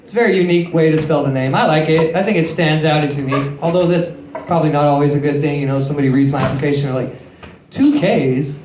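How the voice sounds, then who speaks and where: Late-20s male stand-up comic, slightly high voice, crude self-deprecating delivery, roomy club sound. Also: racing, hardly any pauses, darkish tone, a little hiss or hum. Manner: crude, self-mocking storytelling with frequent swearing. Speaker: stand-up comedian. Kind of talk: stand-up comedy set. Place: comedy club stage. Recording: echoey club room.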